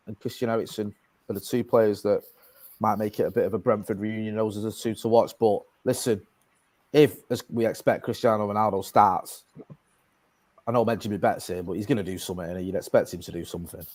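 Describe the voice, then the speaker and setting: A man talks quickly as a panelist in a casual football chat. He rambles with fillers and restarts, and his voice sounds dry and close with no room around it. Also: fairly low pitch, fairly even intonation, a little mellow, dry recording.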